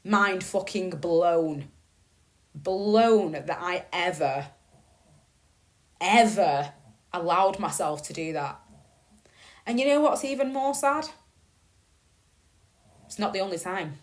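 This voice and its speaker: A woman, likely in her thirties, telling a personal family story in a candid, swearing podcast monologue. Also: on the low side. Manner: candid and profane, swinging between slow reflection and bursts of emphasis. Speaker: podcast host.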